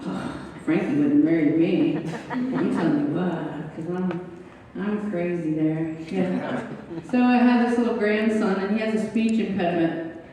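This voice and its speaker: A woman's voice: on the low side, unhurried, dark tone, slight background noise. A woman doing a stand-up comedy set on a club stage, telling self-mocking stories in a chatty way. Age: 60s. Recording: echoey club hall, mic from far off.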